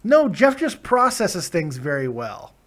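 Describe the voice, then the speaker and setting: A man's voice: high-pitched, wildly swooping pitch, unhurried, a bit bright. A tired man hosting a live reaction stream, casually reading chat comments aloud with plenty of swearing and laughter. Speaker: live-stream show host.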